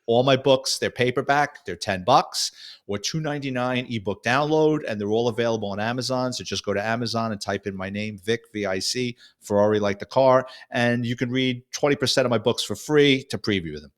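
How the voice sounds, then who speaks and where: A man from New York, a retired detective and author, telling stories lively in an interview. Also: lowish voice. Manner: lively storyteller, acts out voices. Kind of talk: storytelling interview.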